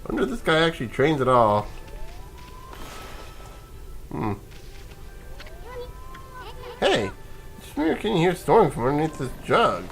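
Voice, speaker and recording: A man's voice: on the high side, sing-song, unhurried, long pauses, soft background music. A man giving casual, rambling commentary while playing a video game, sleepy and yawning, chuckling and restarting his sentences. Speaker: let's play gamer.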